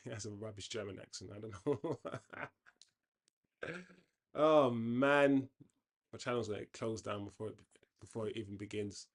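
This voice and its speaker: A man's voice: fairly low pitch, moderate pace, long pauses. A man hosting a football watchalong, talking casually and giving opinionated commentary with frequent restarts. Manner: chatty, opinionated, often restarts sentences. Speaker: watchalong host.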